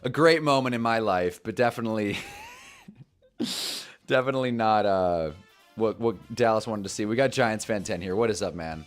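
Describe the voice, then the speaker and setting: A young man hosting a football talk live stream, telling a story in a chatty, animated way and laughing at his own jokes. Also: fairly low pitch, normal speed, pauses often, soft background music.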